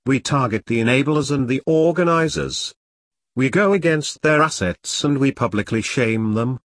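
A man's voice: mid-range voice, lively intonation, moderate pace, a bit bright, no echo, close to an everyday voice. A man voicing a fierce, foul-mouthed woman in an audiobook, speaking bluntly and defiantly. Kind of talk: audiobook character reading.

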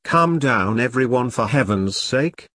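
A man reading the part of a vague, polite, gentlemanly army sergeant. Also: medium pitch, lively intonation. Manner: polite, unhurried, mildly evasive.

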